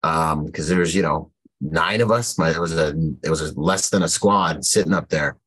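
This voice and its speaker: A man, a military veteran guest on an interview show, telling war stories in a lively way, acting out what people said. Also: extremely low pitch, moderate pace, husky, low-quality recording. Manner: animated storyteller, acts out quotes loudly. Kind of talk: storytelling interview.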